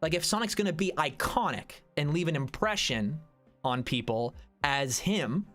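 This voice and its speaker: A man's voice: a little high, expressive, normal speed, a bit bright, faint music behind. A man streaming, chatting casually with his viewers and answering their comments, rambling and restarting his sentences. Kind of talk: casual livestream chat.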